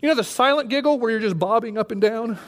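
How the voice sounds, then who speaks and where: A man in his thirties preaches to a congregation, his voice sitting high for a man. He tells his story in an animated way, acting out his own panic as he goes. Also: fast. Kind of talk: sermon storytelling.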